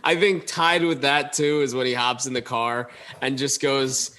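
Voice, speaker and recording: A man's voice: medium pitch, measured pace, pushed and bright, a little hiss or hum. A man co-hosting a podcast, chatting casually and acting out movie lines between laughs. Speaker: podcast co-host. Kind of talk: casual chat.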